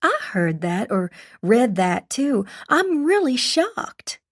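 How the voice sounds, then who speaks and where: A friendly young mother with a strong Southern accent, performed by a female audiobook narrator. She speaks slowly and gently, drawing out her words in a confiding way. Her voice is set a little higher and softer than the narration. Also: very animated, heavily acted.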